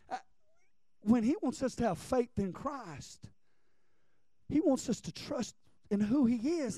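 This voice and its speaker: A middle-aged preacher with a high, mellow voice delivers a storytelling sermon. He leans hard on key words, then sinks low and soft. The sound is close and dry, with no room around it. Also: no echo. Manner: storytelling, emphatic, drops to quiet for personal stories.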